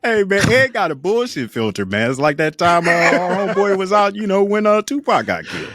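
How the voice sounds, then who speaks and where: A man's voice: high-pitched, very animated, brisk, fairly bright tone, no echo. A man co-hosting a podcast, telling stories in casual chat, laughing often and acting out the voices of people in them. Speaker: podcast co-host. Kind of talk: casual storytelling.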